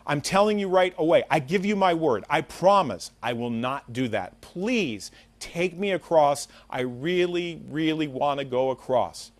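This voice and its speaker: A man voicing a sly, smooth-talking male scorpion in a spoken fable, dropping his voice low and soft to coax. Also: lively intonation, unhurried, few pauses, no room sound. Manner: coaxing, low and hushed.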